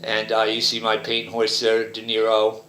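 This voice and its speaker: A man's voice: lowish voice, completely flat delivery, moderate pace, pushed and bright, a little hiss or hum. Rambling man in a roomy space. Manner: rambling, repetitive, pointing at details. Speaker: vlogger interpreting images. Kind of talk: rambling monologue. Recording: roomy echo.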